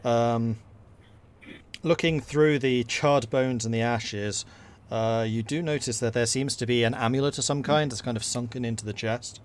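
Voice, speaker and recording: A man narrating as game master of a tabletop game, talking in a relaxed way with many fillers. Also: medium pitch, moderate pace.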